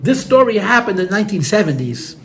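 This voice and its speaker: Fast and very animated, a rabbi with a high-pitched, fairly bright voice tells heartfelt stories to people gathered in a room. He often repeats words and uses Yiddish and Hebrew terms.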